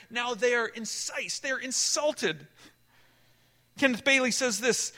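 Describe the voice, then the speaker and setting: Bright, high-voiced male preacher. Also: moderate pace. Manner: animated storytelling, swinging between emphatic and hushed. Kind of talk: sermon.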